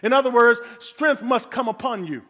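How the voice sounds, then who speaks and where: High-voiced man preaching emphatically. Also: moderate pace, pushed and bright. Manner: emphatic, repetitive preaching with call and response. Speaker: pastor. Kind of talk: sermon.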